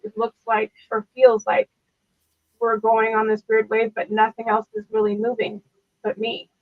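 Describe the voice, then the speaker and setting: Female guest, gravelly voice, thoughtful and rambling, dry tinny call audio. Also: on the high side. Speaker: guest reader. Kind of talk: casual live-stream chat. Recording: tinny dry phone-like line.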